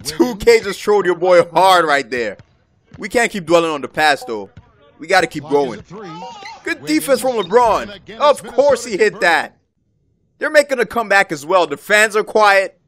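A man's voice: high voice, sing-song, normal speed, a bit bright. Hyped young man calling his own game. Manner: hyped, exclaiming, trash-talking. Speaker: gaming YouTuber. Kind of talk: excited gameplay commentary. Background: background music.

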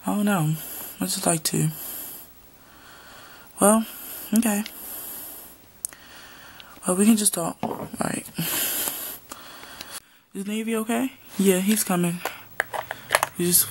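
A woman's voice: mid-range voice, slow, long pauses, darkish tone, slight background noise. A woman performing a homemade drama, voicing several young men in casual, slangy back-and-forth dialogue. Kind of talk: homemade voiced drama, one performer doing all roles.

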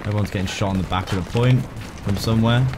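A man's voice: lowish voice, fast, heavy background noise. A man giving casual, frustrated gameplay commentary, grumbling and swearing as he plays. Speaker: gaming video creator. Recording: loud game gunfire underneath. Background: game gunfire and vehicles.

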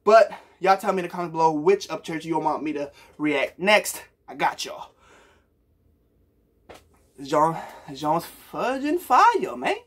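A man's voice: on the high side, measured pace, long pauses. A young man from Puerto Rico giving a hyped, slangy reaction to a song for his viewers, calling them bro. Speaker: music reaction youtuber. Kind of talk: casual music reaction talk.

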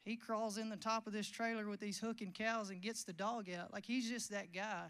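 Casting: young male preacher, high voice, smooth and clear, folksy storyteller who rambles. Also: level tone, moderate pace, fairly bright tone. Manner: folksy, rambling with restarts and quoted dialogue. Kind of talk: storytelling sermon.

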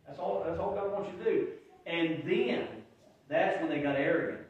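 A man preaching a sermon as pastor, telling folksy stories and swinging from quiet asides to loud shouts. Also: a little high, moderate pace, dull audio. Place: church sanctuary. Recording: very echoey church hall, mic far off.

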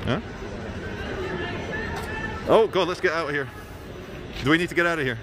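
A man filming a street vlog on his phone, muttering wry asides and turning loud and defiant when confronted. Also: on the high side, normal speed, a crowd in the background, noisy background. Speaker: vlogger filming in public. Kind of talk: handheld street vlog commentary. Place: outdoors on a city street. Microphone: handheld phone camera.

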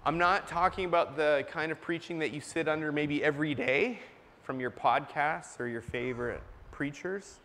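A man's voice: a little high, normal speed, pushed and bright. A man preaching a sermon in a church, earnest and emphatic, stopping to cough now and then. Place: church sanctuary. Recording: long church reverb.

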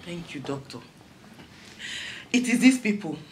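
A woman's voice: lowish voice, expressive, a little slow, a little hiss or hum, poor audio. A woman with a Nigerian accent playing a sleepy, pious tenant who exclaims prayers and curses. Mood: indignant. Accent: Nigerian English.

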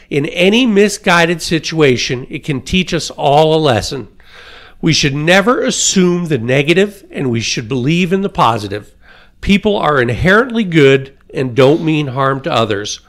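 A man hosting a podcast who reads a story aloud and then comments on it, chuckling and clearing his throat now and then. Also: a little high. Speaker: podcast host.

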